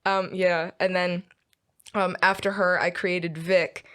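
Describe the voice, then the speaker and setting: A young woman chatting as a podcast guest, halting and laughing often as she recounts stories. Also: fairly low pitch, level tone, a bit bright, clear, resonant tone. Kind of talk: casual chat.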